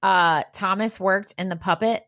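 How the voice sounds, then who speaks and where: A woman co-hosting a podcast in casual chat, teasing her partner with quick, animated reactions. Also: mid-range voice, no room sound, clean studio sound. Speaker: podcast co-host.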